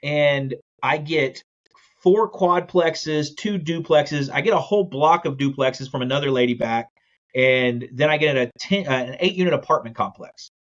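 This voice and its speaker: A man's voice: mid-range voice, muffled recording. A man telling his business story in a podcast interview, acting out the quotes as he goes. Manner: fast, animated storytelling with acted-out quotes. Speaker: guest, land investor.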